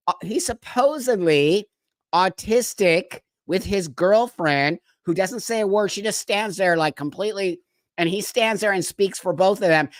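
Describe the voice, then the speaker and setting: An older man hosting a live stream rants angrily and bluntly, swearing and tossing out sarcastic mock quotes in heated commentary. His voice sits high with a bit of brightness, on a dry recording.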